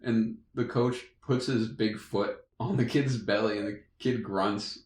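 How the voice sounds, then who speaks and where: A man's voice: fairly low pitch, steady tone, measured pace, a little mellow. A young man casually telling a funny story as podcast co-host, laughing often. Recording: echoey room.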